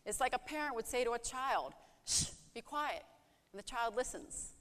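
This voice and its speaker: A woman preaches with earnest conviction, her voice sitting a little high. She often poses rhetorical questions and voices pleading prayers aloud. The recording carries a long reverb, as if from a large hall. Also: lively intonation, brisk, a bit bright. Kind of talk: sermon.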